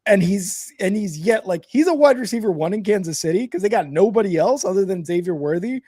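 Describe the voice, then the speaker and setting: A man co-hosting a casual podcast, his voice notably high. He talks fast and throws in short reactions while the other host speaks. The recording is dry, with no room sound. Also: animated, mellow, no room sound. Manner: quick, chatty, reacts with short backchannels. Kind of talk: casual chat.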